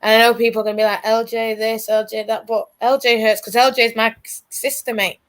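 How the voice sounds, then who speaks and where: A woman's voice: on the high side, flat delivery, quick pace. A woman, a podcast guest, tells fan stories in casual chat and gets tearful as she talks. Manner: emotional, tearful storytelling. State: crying.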